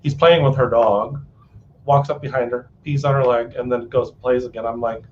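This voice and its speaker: A man's voice: medium pitch, fairly even intonation, normal speed. Rambling man on a slightly dull recording. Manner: rambling, laughing, trails off mid-sentence. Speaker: podcast host. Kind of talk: casual conversation. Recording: slightly dull with faint hiss.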